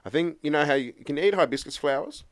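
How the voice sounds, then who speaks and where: A man's voice: a little high, expressive, fast. A middle-aged man co-hosting a podcast in casual chat, joking and teasing. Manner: joking, teasing, laughs often. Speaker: podcast co-host. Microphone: studio microphone.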